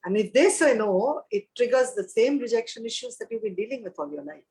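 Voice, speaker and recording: A woman's voice: fairly high pitch, sing-song, a little fast, a little mellow, low-quality recording. Frank, reflective woman in her fifties. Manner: frank, reflective, repeats for emphasis. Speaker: guest, actor and mother. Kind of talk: candid interview conversation.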